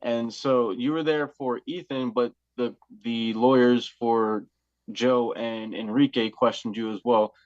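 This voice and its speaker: A man's voice: medium pitch, steady tone, measured pace, no room sound, dull audio. A male host in a casual interview, asking probing follow-up questions.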